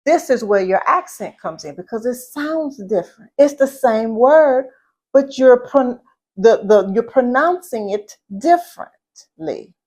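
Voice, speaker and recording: A middle-aged woman from Southeast Louisiana with a Southern accent, teaching etiquette and speech in a deliberate way, repeating points and asking the listener questions. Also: a little high, expressive, a little mellow. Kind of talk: instructional talk.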